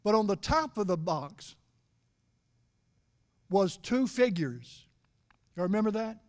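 This middle-aged man is preaching, alternating booming, emphatic statements with hushed, confiding remarks. He stretches out important words slowly to stress them.

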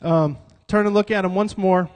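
A man preaches an interactive church sermon in a high, steady voice at normal speed. Calling himself a cut-up, he jokes around and has the congregation repeat lines back to him.

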